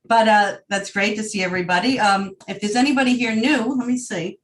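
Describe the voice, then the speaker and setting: A woman's voice: medium pitch, brisk, distant mic, rough recording. Brief: woman host with a Long Island accent, friendly and welcoming, on a video call, a bit off-mic. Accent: Long Island New York. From Long Island, New York. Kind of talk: online group event hosting.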